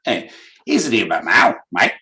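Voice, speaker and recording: A man's voice: lowish voice, huge pitch swings, normal speed, bright, forceful tone, pitched below the performer's own voice, full character voice, poor audio. A man voicing a crude, blunt Australian bloke with an Australian accent who swears constantly.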